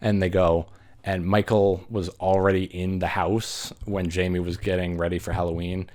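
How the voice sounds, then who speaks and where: Male host with a low voice, giving a loose, jokey movie recap with swearing and put-on character voices. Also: level tone, a little mellow. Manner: laughing, swearing, acts out characters in quick voices.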